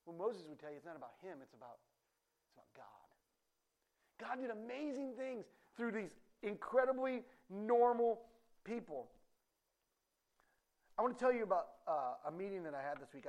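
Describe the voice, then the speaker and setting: A man preaching a sermon in a conversational, animated way, full of asides and quick questions to the listeners. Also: a little high. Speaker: pastor. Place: church.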